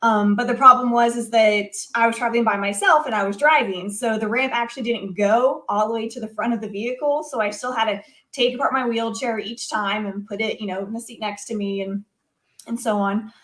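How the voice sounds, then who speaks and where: A young adult woman telling a story as an interview guest, casual and animated, with many fillers. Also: on the high side, fairly quick. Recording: echoey room.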